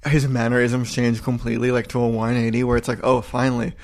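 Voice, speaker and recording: A man's voice: medium pitch, flat delivery, quick pace, a little mellow. A young man co-hosting a casual movie review podcast, with a dry, teasing way of talking. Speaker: podcast co-host.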